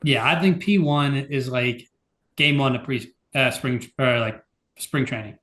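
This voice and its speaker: A man's voice: medium pitch, a little slow, fairly bright tone. A man with a mid-range voice co-hosts a podcast in loose, casual chat. He leans on fillers and sounds exasperated as he rambles through his points. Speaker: podcast co-host.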